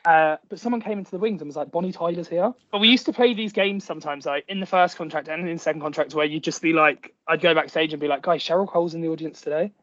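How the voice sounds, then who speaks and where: A man's voice: a little high, quick pace, hardly any pauses, a bit bright, no room sound. A man who is an actor, chatting as an interview guest and telling stories with lots of "like" fillers, speaking through headphones. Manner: chatty storytelling with many "like" fillers. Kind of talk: casual interview chat. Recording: dull lo-fi sound.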